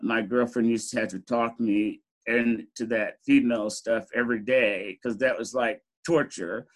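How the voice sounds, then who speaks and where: Man, middle-aged, medium pitch, candid storytelling, laughs often, interview guest. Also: fairly even intonation, normal speed, low-quality recording. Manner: candid, laughs often, frequent "you know". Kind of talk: reflective personal storytelling.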